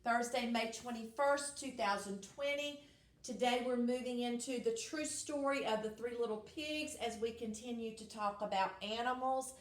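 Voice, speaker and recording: A woman's voice: a little high, normal speed. A woman teacher giving a recorded class lesson, speaking in a cheerful sing-song way and leading songs. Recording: echoey room.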